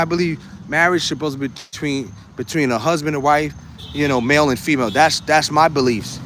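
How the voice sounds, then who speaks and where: A livestream host from the United States talks informally, going through viewer comments with frequent laughter and repeated phrases. His pitch is fairly high, his tone fairly bright, and a faint hiss or hum runs underneath.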